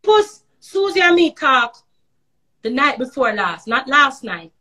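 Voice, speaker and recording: A woman with a Jamaican accent delivers a heated livestream rant in a high, bright-pitched voice. She talks in thick patois, swears freely and keeps firing rhetorical questions at her listeners. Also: big pitch swings, measured pace. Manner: ranting, repeated rhetorical questions; patois slang and profanity. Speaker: social media personality. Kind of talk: heated live-stream rant.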